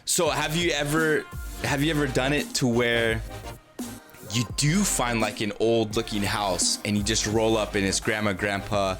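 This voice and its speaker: Guy hosting a livestream, rambly and chatty, mid-pitched voice, music faint in the background. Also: steady tone, unhurried. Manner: rambling and chatty, acts out quotes and greets the chat. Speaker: livestream host. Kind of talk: casual livestream interview chat.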